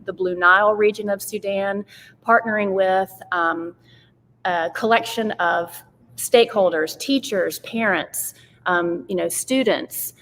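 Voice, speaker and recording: A woman's voice: mid-range voice, measured pace, fairly bright tone. A woman in her forties, a curriculum director, talking earnestly and articulately as a guest on a live show. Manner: earnest, articulate, some fillers. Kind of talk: interview conversation. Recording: long reverb, faint background noise.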